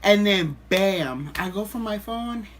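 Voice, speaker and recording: A man vlogging, telling a story to the camera in a rambling, animated way with lots of restarts. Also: high voice, takes it slowly, slight background noise.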